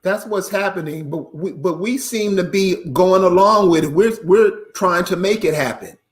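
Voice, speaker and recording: A male host with a notably high voice guides the conversation, prompting his guest to explain in a casual, talk-show manner. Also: normal speed. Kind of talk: interview questions.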